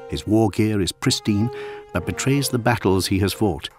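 A man narrating a dark science-fiction story in a scripted, hushed and dramatic delivery that at times drops near a whisper. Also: fairly low pitch, moderate pace. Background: music.

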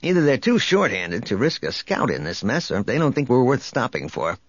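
A man's voice: medium pitch, huge pitch swings, moderate pace, breathy edge, dry recording, dull audio. A man voicing an impatient male starship captain who speaks curtly and irritably. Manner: curt, irritated.

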